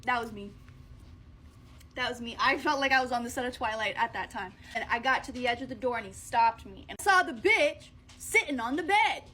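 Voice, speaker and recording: A woman's voice: a little high, expressive, a little fast, few pauses, bright, forceful tone, a little hiss or hum. A woman telling a personal story in a casual, profane and blunt way. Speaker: vlogger.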